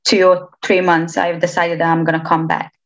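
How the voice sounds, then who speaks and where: A woman's voice: fairly low pitch, level tone, moderate pace. Young romanian woman, chatty and hesitant, kinda muffled audio. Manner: chatty, hesitant restarts, laughs often. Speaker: interviewee. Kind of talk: casual interview chat. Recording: slightly dull lo-fi sound.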